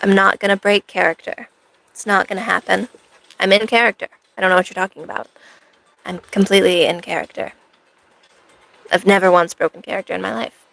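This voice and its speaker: A woman streamer talks casually to her live chat, wandering from one thought to the next and poking fun at herself. Her middle-pitched voice carries a gravelly fry. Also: little pitch movement, fairly quick, long pauses, a bit bright, poor audio. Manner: rambling, playful, self-mocking asides. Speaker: cosplay streamer.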